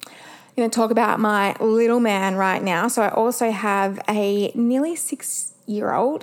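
A woman's voice: on the high side, big pitch swings, normal speed. A woman, hosting a podcast and chatting candidly, swearing freely. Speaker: podcast host. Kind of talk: casual solo podcast chat.

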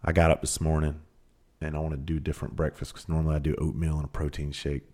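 A man's voice: extremely low pitch, level tone, fast, mellow. A middle-aged man with a Southern country accent, a podcast host giving a blunt, profane motivational monologue full of rhetorical questions.

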